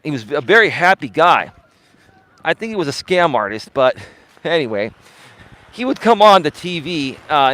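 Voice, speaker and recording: A middle-aged man in a live-stream talk, speaking as a life coach with a fairly high voice. He leans hard on his words and swings between highs and lows. The sound is close and dry. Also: fairly bright tone, no echo.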